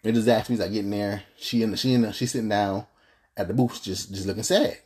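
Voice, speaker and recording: A man's voice: lowish voice, steady tone, quick pace, darkish tone, slightly rough. A young man hosting a podcast, telling a personal story emphatically and often repeating and restarting his words. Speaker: podcast host.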